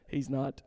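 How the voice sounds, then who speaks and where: A pastor preaching a sermon with passion and jokes, animated and lively in his delivery. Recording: long reverb of a hall.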